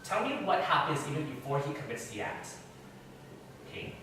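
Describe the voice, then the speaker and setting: A man teaches a church class, firing questions at the group in an animated, up-and-down voice. He sits well back from the mic, and the room rings with heavy echo over a faint hiss. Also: a little high, normal speed. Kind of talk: interactive Bible teaching. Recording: very echoey room, far from mic.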